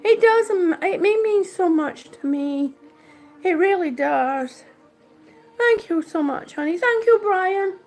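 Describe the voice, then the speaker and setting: A woman's voice: very high voice, takes it slowly, a little mellow, soft background music. A woman chatting casually on a live-stream vlog from her home, thanking viewers by name. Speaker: vlogger. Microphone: phone or camera held by hand.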